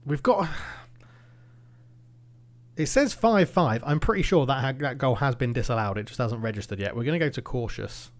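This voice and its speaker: A man commentating his own football management game, swinging between nervous muttering and excited shouting. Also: mid-range voice, moderate pace. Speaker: gaming YouTuber.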